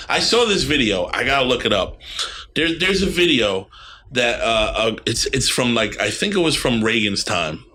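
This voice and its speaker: A man's voice: mid-range voice, pushed and bright, slight background noise. Ranting, foul-mouthed podcast man. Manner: blunt, ranting, swears often. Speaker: podcast co-host. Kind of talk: casual profane chat.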